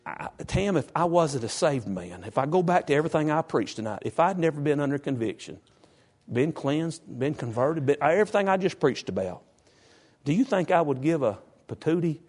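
Preacher man, folksy and emphatic, reads scripture and then rises high for emphasis. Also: big pitch swings, a little fast, a little mellow. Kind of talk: sermon.

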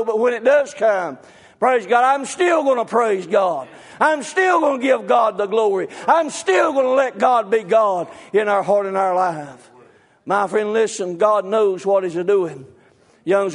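A man preaching a sermon, fervent and repetitive, breaking into shouts. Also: high-pitched.

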